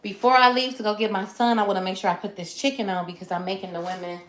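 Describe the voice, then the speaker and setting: Quick and a bit bright, with a steady tone and medium pitch, a woman hosts a live cook-along from home, talking viewers through each step and chatting with them. The recording has roomy kitchen echo and the clatter of dishes and pans.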